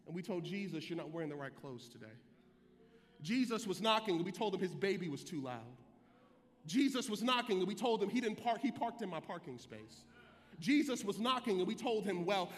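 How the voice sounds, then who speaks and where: A young adult man, a pastor, preaching a sermon in a church sanctuary, moving between quiet teaching and shouted calls to the congregation. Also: high-pitched, long reverb tail.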